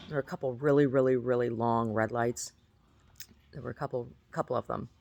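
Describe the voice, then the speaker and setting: Rambling gravelly woman vlogger. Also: extremely low pitch, steady tone, brisk, darkish tone. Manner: rambling, laughing, self-mocking storyteller; repeats words and restarts often. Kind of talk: casual monologue to camera.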